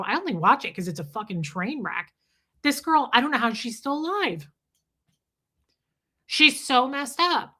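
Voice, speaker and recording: A woman's voice: a little high, bright, forceful tone. A woman hosting a livestream, talking bluntly and confessionally with profanity and greeting chat viewers. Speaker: livestream host. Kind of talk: casual livestream talk with chat shout-outs.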